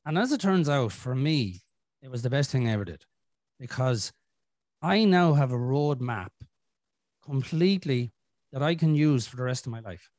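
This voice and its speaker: A man's voice: medium pitch, animated, moderate pace, pauses often, darkish tone, dry recording. Sweary Irish man in casual chat. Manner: rambling, frank and sweary, with many restarts. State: clearing his throat from a chest infection. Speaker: podcast host.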